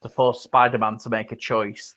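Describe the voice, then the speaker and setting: A man's voice: medium pitch, moderate pace. A man hosts a casual film podcast, walking through a movie scene step by step. He talks loosely, with frequent ums and restarts. The sound is a little dull and lo-fi. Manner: animated retelling, acts out quotes, many ums and restarts. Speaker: podcast host.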